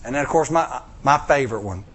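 A male preacher, telling a story in a sermon, acting out voices and swinging from loud bursts to hushed lines. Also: mid-range voice, expressive, fast, breathy edge.

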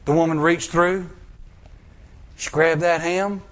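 A male preacher, telling a story in a sermon, acting out voices and swinging from loud bursts to hushed lines. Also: a little high, steady tone, slow.

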